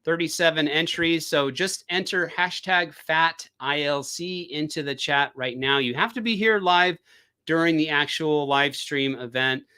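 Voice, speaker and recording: A man's voice: on the high side, measured pace, bright, forceful tone, clear, resonant tone. A man hosting a casual live stream, chatty and rambling, with frequent fillers, talking into a desk microphone. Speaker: crypto live stream host.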